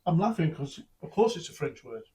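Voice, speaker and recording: An off-camera companion teasing in casual banter. The voice is mellow and a little husky, with an amused edge. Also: mid-range voice, sing-song, fairly quick.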